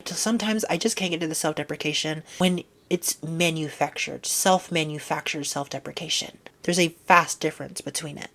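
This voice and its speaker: Young woman, slightly low voice, blunt sarcastic vlog rant with whispered asides. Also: brisk, few pauses, fairly bright tone. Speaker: vlogger. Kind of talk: casual opinion rant.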